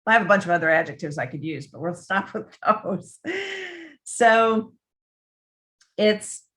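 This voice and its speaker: A woman's voice: on the low side, expressive, measured pace, a bit bright. A woman who writes on dementia care, giving a conversational talk with frequent restarts and acted-out quotes. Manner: chatty, frequent restarts, acts out quoted voices. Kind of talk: conversational presentation.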